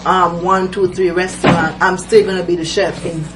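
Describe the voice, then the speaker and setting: Guest chef, woman, Jamaican accent, easygoing and hesitant; distant noisy recording. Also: on the low side. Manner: relaxed, halting, lots of fillers. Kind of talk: casual interview. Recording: distant mic with noisy background.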